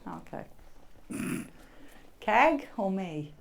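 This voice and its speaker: A woman's voice: medium pitch, big pitch swings, drawn-out words, gravelly, slight background noise. A woman chatting and joking during a ghost hunt inside an old jail, laughing easily. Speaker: paranormal investigator.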